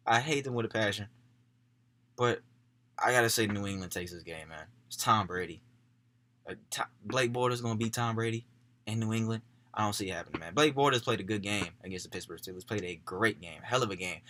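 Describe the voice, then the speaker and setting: Laid-back young man, bright dry voice. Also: lowish voice, normal speed, no echo. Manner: gets worked up and louder about his picks. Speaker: sports YouTuber. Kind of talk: casual football picks chat to camera.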